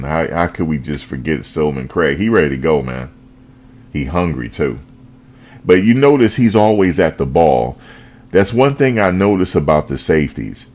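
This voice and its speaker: A man hosting a fan show, talking football in a casual, animated way, full of slang and repetition. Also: a bass voice, slight background noise. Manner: animated, repeats himself, slangy.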